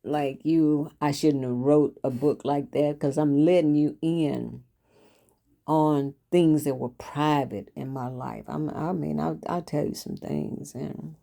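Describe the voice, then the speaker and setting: A woman's voice: sits low, slow, gravelly, dark tone. An older woman hosting her own show, telling stories from her life in a folksy, chatty way. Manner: folksy, chatty, repeats herself. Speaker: host and author. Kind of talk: casual storytelling monologue.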